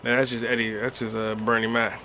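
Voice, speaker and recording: Gravelly, profane man riffing loosely. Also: mid-range voice, completely flat delivery, fairly quick, bright, forceful tone, slight background noise. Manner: loose, profane, riffing with sing-song asides. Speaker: podcast host. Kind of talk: rambling solo podcast while gaming.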